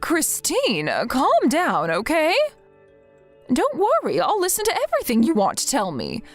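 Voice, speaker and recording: A woman's voice: high-pitched, wildly swooping pitch, measured pace, exaggerated voice. A woman reading the lines of a worried mother-in-law who scolds her son, in a scripted text-message story. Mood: soothing. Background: faint background music.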